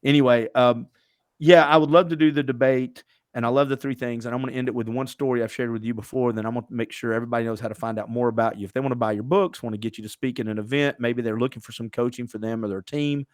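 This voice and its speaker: This middle-aged podcast host speaks fast in a mid-range voice with a steady tone, recorded in studio quality with no echo. He tells stories chattily during a casual interview, filling his speech with lots of fillers.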